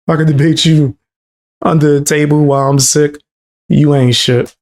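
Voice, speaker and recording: A man's voice: fairly high pitch, fairly even intonation, measured pace, darkish tone. Casual streamer man reacting with slangy asides.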